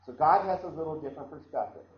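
Conversational pastor preaching in an echoey room. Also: male voice, a little high, fast. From Iowa, US. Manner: conversational, repeats and restarts phrases. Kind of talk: sermon. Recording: echoey room, dull sound, faint background noise.

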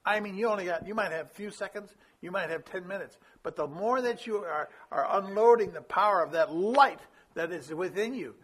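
A man preaching a sermon, teaching how to share faith, swinging between quick bursts and slow, quiet emphasis. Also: husky. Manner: varies pace and loudness, drops low for emphasis. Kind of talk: sermon on evangelism.

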